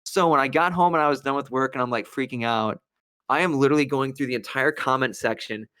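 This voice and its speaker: With a clear, resonant tone and a medium pitch, a young Wisconsin podcast co-host talks at a quick pace on a dry recording. He's chatting casually, telling an animated story and acting out the quotes.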